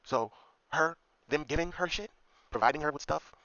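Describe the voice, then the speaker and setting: A man's voice: on the high side, normal speed, bright, forceful tone, no room sound. A man ranting through a commentary monologue, swearing freely and tagging his points with a repeated "okay?". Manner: profane, repetitive, keeps asking "okay?". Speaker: commentary vlogger. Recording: dull lo-fi dry recording.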